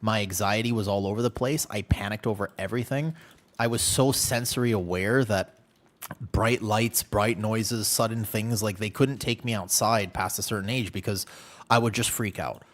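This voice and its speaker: A man livestreaming a game, chatting candidly and telling animated stories with playful exaggeration. He is from the United States. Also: fairly low pitch, moderate pace. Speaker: game streamer. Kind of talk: casual livestream chat while gaming.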